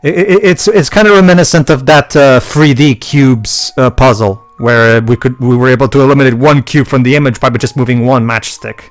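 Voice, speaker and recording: A man's voice: medium pitch, faint music behind. A man hosting a game let's play. He reads puzzles aloud and often restarts and stammers. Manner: halting, lots of restarts and stammers. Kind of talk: game commentary.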